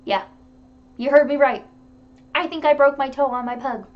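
A woman vlogger chatting to camera, telling animated stories with laughter. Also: sits high, moderate pace, lo-fi sound. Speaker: beauty vlogger. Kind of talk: casual chat to camera.

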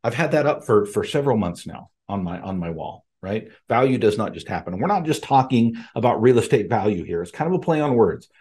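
A man's voice: lowish voice, animated, fairly quick, few pauses, a little mellow. A man hosting a podcast from his home office, giving an emphatic monologue and speaking straight to his listeners as folks and friends. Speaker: podcast host.

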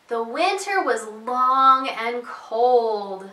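A woman preschool teacher reading picture books aloud to young children in a slow, sing-song storytelling voice. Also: fairly high pitch, lively intonation, bright, forceful tone. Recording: echoey room, voice heard from a distance.

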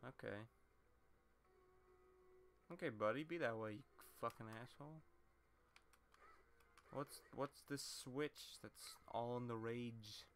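A man's voice: mid-range voice, takes it slowly, pauses often, a bit bright, slight background noise. A young man commentating a video game let's play, rambling, swearing often and getting easily frustrated.

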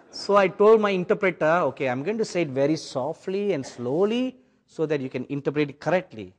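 Animated preacher man with a British-tinged accent. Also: a little high, moderate pace, pauses often. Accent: British-influenced Indian English. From India. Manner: dramatic storytelling with sudden loud and soft swings. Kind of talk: sermon.

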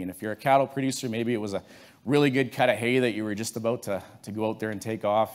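A man's voice: medium pitch, fast. A man from Canada giving a conversational, storytelling talk to a conference audience in a room, with frequent restarts. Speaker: conference speaker.

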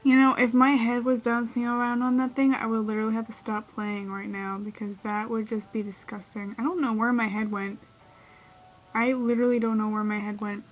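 A woman's voice: fairly high pitch, little pitch movement, brisk, soft background music, low-quality recording. A woman doing let's play commentary, yelping and squealing as she reacts to the game. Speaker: gamer.

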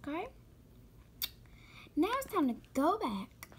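A woman giving excitable, gushing commentary to her viewers while shopping in a game. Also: sits high, slow, a little hiss or hum. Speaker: gaming vlogger.

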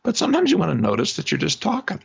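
Gravelly, husky low-voiced man explaining. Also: racing. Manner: animated, demonstrates exercises aloud. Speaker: guest psychologist. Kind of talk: explanatory interview talk. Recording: dull lo-fi remote audio.

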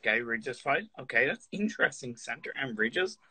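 A man's voice: mid-range voice, lively intonation, normal speed, sharp tone, husky, no echo, low-quality recording. A man interviewing a guest on a live stream in an eager, playful way, often stammering and restarting his questions.

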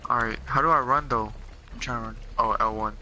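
A man's voice: medium pitch, a little fast, bright, forceful tone, faint music behind. A man chatting casually in a party chat while gaming, slangy and saying bro and son a lot. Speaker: gamer.

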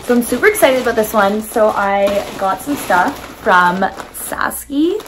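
A young woman in her twenties, hoarse and raspy from a weekend of yelling and singing, chatting casually and bubbly in a vlog filmed on a phone. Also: fairly high pitch, expressive, measured pace, noisy background. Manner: bubbly, chatty, apologetic, with filler words. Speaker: vlogger. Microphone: phone camera.

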